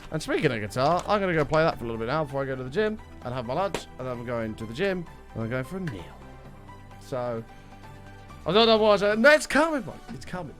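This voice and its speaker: A young man chatting with his stream audience in an excitable, casual way, his voice worn and strained. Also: on the high side, fast, soft background music. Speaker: livestreamer.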